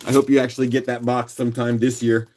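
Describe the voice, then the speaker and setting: Male auction host, rough morning voice, easygoing chatter, mid pitch. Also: fast, a little hiss or hum. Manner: relaxed, chatty, clears throat often. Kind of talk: casual live auction chat.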